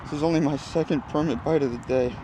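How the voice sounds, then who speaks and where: Excited angler shouting over outdoor noise. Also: male voice, a little high, fast. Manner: energetic, exclaiming, breathless bursts. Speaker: fishing video host. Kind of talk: excited outdoor fishing vlog chatter. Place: outdoors on a bridge over the water. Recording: outdoor wind and water noise.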